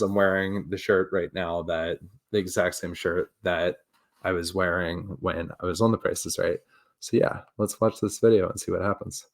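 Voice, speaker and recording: A man in his thirties from Baltimore, telling his story casually and excitedly as he reacts to an old clip. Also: sits low. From Baltimore, USA. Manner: excitable storyteller, jumps into loud re-enacted exclamations. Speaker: video host.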